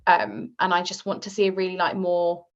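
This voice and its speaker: At a moderate pace and fairly low pitch, a woman talks as a guest author on a podcast. The lo-fi recording sounds a bit muffled, and her relaxed, chatty speech is full of "like" and "um."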